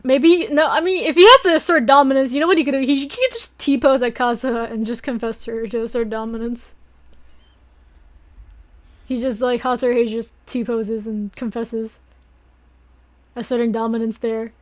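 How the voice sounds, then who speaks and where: On a late-night stream, a young woman whose voice is notably high speaks at a moderate pace in a casual chat. She wanders between thoughts, giggling and gushing excitedly as she addresses her viewers.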